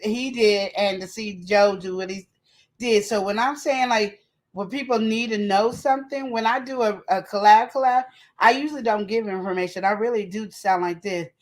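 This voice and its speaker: A woman co-hosting a relationship talk show, telling stories in a lively way and acting out quotes and sound effects. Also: mid-range voice, moderate pace. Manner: animated storytelling, acts out quotes and sound effects. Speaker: podcast co-host. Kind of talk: casual chat.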